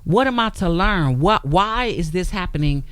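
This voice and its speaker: Speaking with lively intonation and a fairly bright, lowish voice, a woman tells her personal story on a radio talk show and performs the quotes she relates. Her pace is moderate, and there's no room sound in the studio recording.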